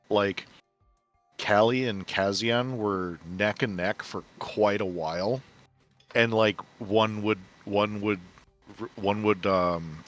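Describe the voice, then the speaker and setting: A man with a fairly low, slightly bright voice designed the week's puzzle and discusses it on a community stream. His casual talk rambles, and he often repeats words.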